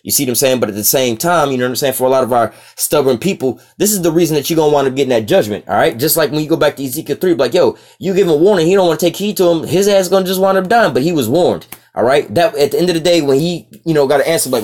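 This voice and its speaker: A man teaching the Bible in a casual street style, reading scripture slowly, then preaching with rough slang and profanity. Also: fairly high pitch, darkish tone. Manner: rough slang and profanity, frequent "you know what I'm saying".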